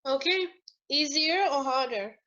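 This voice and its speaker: A woman explaining accents in a casual lesson, slow and thoughtful, with many fillers and restarts. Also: high voice, expressive, pushed and bright, highs cut off. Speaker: language teacher.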